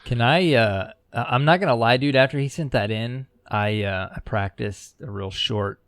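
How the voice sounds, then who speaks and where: A man's voice: medium pitch, moderate pace, fairly bright tone, dry recording, clean studio sound. A man co-hosting a gaming podcast, chatting eagerly and laughing often. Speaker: podcast co-host. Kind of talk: casual chat.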